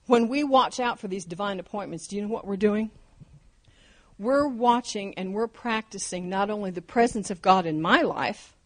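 A woman's voice: mid-range voice, moderate pace. A woman in her fifties or older preaching a sermon, fervent and emphatic, driving her points home with repeated phrases.

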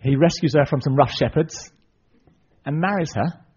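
Male preacher, husky, animated storytelling with asides; dull recording. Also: a little high, normal speed. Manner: lively retelling, asides to the audience. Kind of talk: sermon storytelling.

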